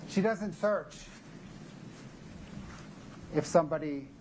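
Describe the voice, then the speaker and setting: Male prosecutor, methodical closing argument, faint hiss behind. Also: a little high. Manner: measured, methodical, emphatic. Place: courtroom.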